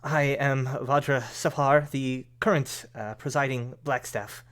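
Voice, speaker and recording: Poised archwizard lady, slow, polite, measured; a man plays her. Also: mid-range voice, steady tone, a bit bright, pitched above the performer's own voice, close to an everyday voice. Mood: courteous. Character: poised woman archwizard, formal and courteous.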